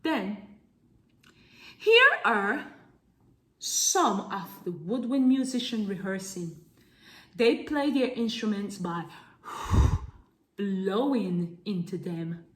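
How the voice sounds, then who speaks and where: A woman teaching preschool children about music, reading from a picture book in a gentle, expressive way with hushed asides. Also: medium pitch, takes it slowly. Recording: faint music playing behind.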